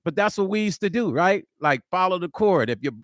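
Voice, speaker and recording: A middle-aged man, a musician and producer, chatting casually in a vlog while he builds a track, excitable and slangy, forever saying hold on. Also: sits high, fairly quick, no room sound, studio quality. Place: music studio.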